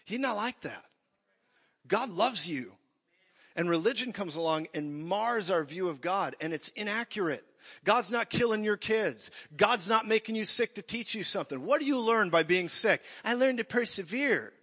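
A man preaching an energetic sermon, joking and acting out voices as he goes. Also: sits high, moderate pace, breathy edge. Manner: animated, jokey, acts out voices. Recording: dull echoey hall.

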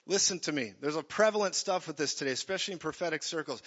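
A man preaching an energetic sermon, joking and acting out voices as he goes. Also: fairly high pitch, fast. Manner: animated, jokey, acts out voices. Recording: dull echoey hall.

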